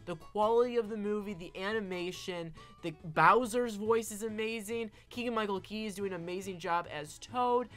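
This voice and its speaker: A woman's voice: medium pitch, normal speed, few pauses, faint music behind. A woman giving casual opinion commentary as an online film commentator, emphatic and often tagging her points with "all right?".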